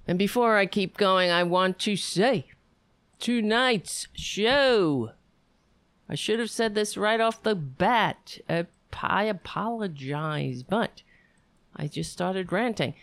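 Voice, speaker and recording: Woman host ranting, sarcastic and rambly, slow talker, dry close mic. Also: mid-range voice, no room sound. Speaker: show host. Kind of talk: ranting livestream monologue.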